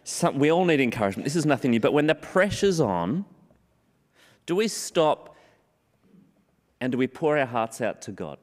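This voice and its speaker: A man preaching a sermon in an earnest way, slowing down on scripture and repeating key phrases for emphasis. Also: medium pitch, very animated, a little mellow. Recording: long hall reverb.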